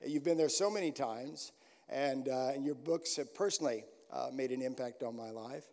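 A man's voice: medium pitch, normal speed, a little mellow. An older American man preaching as a guest pastor, telling stories in a folksy way with many restarts. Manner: folksy storytelling with frequent restarts. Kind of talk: sermon. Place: large church hall. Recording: echoey hall.

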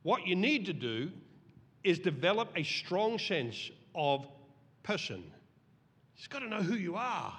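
Brief: middle-aged male pastor, high lively voice, reverberant church hall. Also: measured pace, long pauses, slightly rough. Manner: animated, acts out voices in the story. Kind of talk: sermon. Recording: long reverb of a large hall.

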